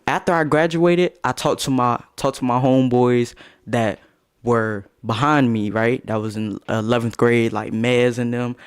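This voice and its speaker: A young man streaming a casual storytime, slangy and animated, laughing as he tells it. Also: medium pitch.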